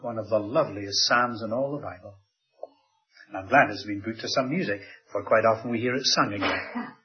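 A man delivers a sermon in a mid-pitched voice. He swings between loud, raised passages and quiet, dropped asides for emphasis. The recording sounds dull and lo-fi. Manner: dramatic rises and drops in pitch and volume. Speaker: preacher.

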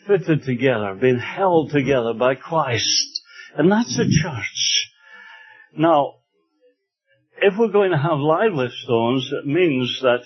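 A man from Scotland delivers a sermon with a husky, slightly breathy voice. His talk is earnest and unhurried, rising to emphatic passages. The recording has a dull, lo-fi sound. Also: medium pitch. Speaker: preacher.

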